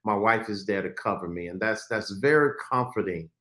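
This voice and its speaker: Earnest pastor-host in a roomy room. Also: male voice, lowish voice, moderate pace, pushed and bright. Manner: earnest, preacher-like cadence. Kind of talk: talk show conversation. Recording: roomy studio echo.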